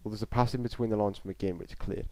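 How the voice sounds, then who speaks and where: A man with a fairly low voice talks casually and bluntly as he hosts a live football reaction stream. He gives his opinions plainly and talks straight to the people watching. The sound is close and dry, with no room echo. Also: fairly even intonation, fast, darkish tone.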